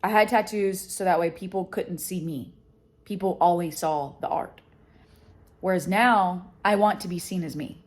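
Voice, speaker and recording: Woman, slightly low voice, candid personal vlog, emotional, blunt, frequent swearing. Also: moderate pace. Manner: frank, emotional, swears freely. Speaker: vlogger and education company founder.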